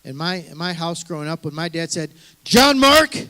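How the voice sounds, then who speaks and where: A man's voice: on the high side, flat delivery, fast talker, a bit bright, clean tone. A middle-aged man, a pastor, giving an earnest, conversational sermon, often restarting his sentences.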